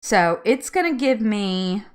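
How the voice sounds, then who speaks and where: A woman's voice: medium pitch, big pitch swings, takes it slowly, clear, resonant tone. A woman in her thirties hosting a casual live chat, chatty, laughing often and tripping over words. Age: 30s. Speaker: host.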